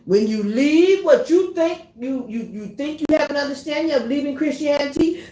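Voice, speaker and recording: A woman preaching a sermon as a self-styled prophetess, impassioned, blunt and profane, building up to cries and shouts. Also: a little high. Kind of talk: fiery sermon. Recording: roomy echo with faint background noise.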